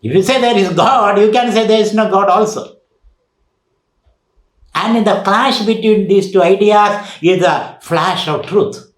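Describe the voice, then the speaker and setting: A man's voice: high voice, a little slow, reverberant, low-quality recording. A man giving a spiritual lecture as a swami, teaching emphatically with rhetorical questions and recited Sanskrit verses.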